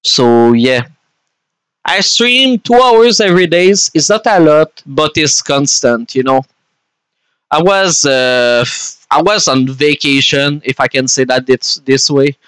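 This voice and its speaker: Slow-talking young man streaming a game. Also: on the high side, animated, fairly bright tone, smooth, dry recording, low-quality recording. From Canada. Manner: chatty, swears freely, laughs often, answers chat. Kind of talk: casual gaming stream chat.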